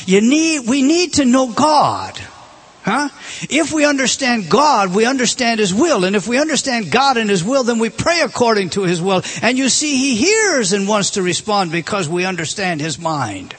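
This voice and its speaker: Husky-voiced preacher man, high-pitched. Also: fairly bright tone. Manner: rising and dropping emphatically, direct questions to the congregation. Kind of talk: sermon.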